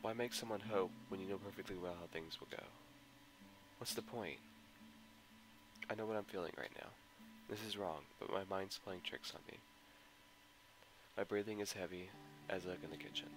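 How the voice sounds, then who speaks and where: Reading a visual novel mod, a man narrates in the first person with dramatic, emotional anguish. His deep voice moves at normal speed and pauses often, over guitar music in a low-quality recording.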